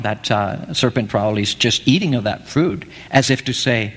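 A man's voice: lowish voice, lively intonation, moderate pace, hardly any pauses, a bit bright, in a large hall. A man preaching a sermon, telling a story with animation and acting out the lines he quotes.

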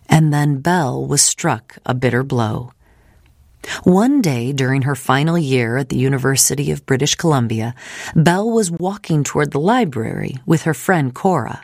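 A woman narrating an audiobook in a measured, expressive storytelling manner. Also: very deep voice, no room sound, studio quality.

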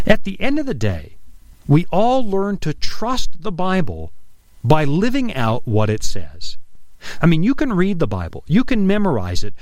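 A middle-aged man preaching an earnest, emphatic radio sermon, dropping his voice low on key phrases. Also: a little mellow, dry recording. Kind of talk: broadcast sermon.

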